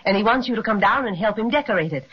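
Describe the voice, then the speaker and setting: A woman's voice: mid-range voice, lively intonation, racing, slightly rough. An actress playing a caring mother who fusses over her children in a motherly way, in 1930s radio acting. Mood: fussing. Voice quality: fussing, motherly. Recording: muffled 1930s radio recording.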